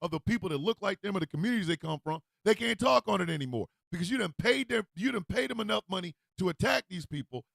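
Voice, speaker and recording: A male radio host delivering an animated, comedic rant with frequent laughter. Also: high-pitched, fast, creaky, few pauses, no room sound, studio quality. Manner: animated, loud, laughs often, acts out street calls.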